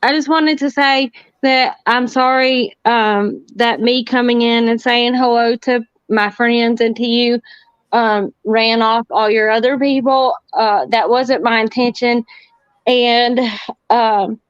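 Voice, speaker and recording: A shy woman, a guest on a livestream, speaking hesitantly with many pauses and ums. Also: fairly high pitch, smooth, no room sound. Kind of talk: casual livestream talk. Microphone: computer or phone on a video stream. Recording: dull lo-fi stream audio.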